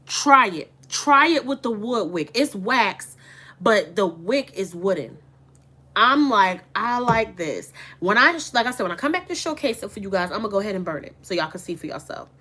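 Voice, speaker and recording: A woman's voice: medium pitch, animated, normal speed, bright, forceful tone. A woman who runs an online boutique, chatting casually and candidly to her viewers. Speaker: online boutique owner and vlogger. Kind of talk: casual chat to camera.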